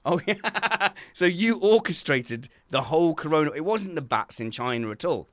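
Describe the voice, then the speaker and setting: A man co-hosting a casual chat from home over a video call, telling animated stories and laughing often. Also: on the high side, normal speed, no echo, studio quality. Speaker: podcast co-host.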